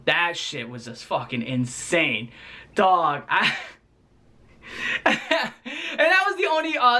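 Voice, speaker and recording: A man in his twenties who tells a story in a casual, animated and profane way, full of slang, as a vlogger. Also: high-pitched. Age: 20s.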